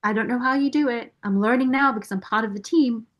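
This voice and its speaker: A woman, a parent caregiver and board member, speaking earnestly and with measured pauses in a heartfelt interview testimonial. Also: fairly high pitch, fairly bright tone.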